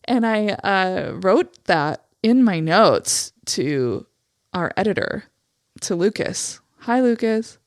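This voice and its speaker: A woman's voice: fairly low pitch, animated, slow pace, no echo, studio quality. A woman in her thirties co-hosting a podcast, chatty and supportive, with plenty of "like" and "um" fillers. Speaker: podcast co-host. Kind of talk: casual chat.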